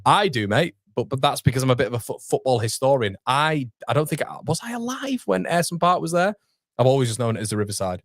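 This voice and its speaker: A man's voice: medium pitch, sing-song, no echo, clean studio sound. Chatty young man. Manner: chatty, self-deprecating, quick asides to viewers. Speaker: host. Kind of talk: casual livestream chat reading viewer comments. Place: home streaming studio.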